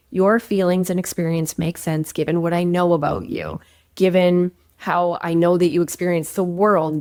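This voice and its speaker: A woman in her thirties, a relationship coach, giving emphatic, conversational advice straight to the camera. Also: fairly low pitch. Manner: animated, emphatic, conversational with acted-out quotes. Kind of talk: direct-to-camera advice talk.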